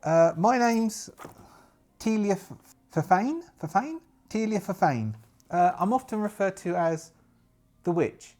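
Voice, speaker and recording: A man's voice: sits high, very animated, measured pace, darkish tone, voice pushed up. A man voicing a kind-hearted young female jungle witch, hesitant and stumbling over her words. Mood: flustered.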